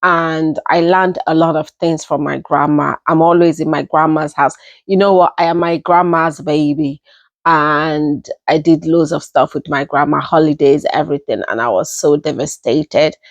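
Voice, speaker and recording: A young woman with a Nigerian accent telling a personal story in an unhurried, casual way, often repeating herself as she goes. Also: low voice, steady tone, no room sound. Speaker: storytelling vlogger.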